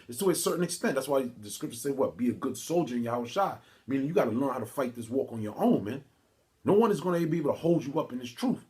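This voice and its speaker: A man giving an informal video sermon, reading scripture haltingly and preaching in casual street talk, calling his listeners "man" again and again. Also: medium pitch, darkish tone. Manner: reads scripture aloud haltingly, with restarts. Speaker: religious teacher. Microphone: phone or camera mic.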